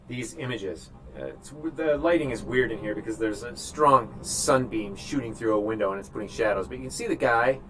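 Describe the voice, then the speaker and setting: A man chatting casually while he paints live. He rambles offhand and thinks out loud in a room indoors. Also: medium pitch, slight background noise. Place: indoor studio room with a sunny window.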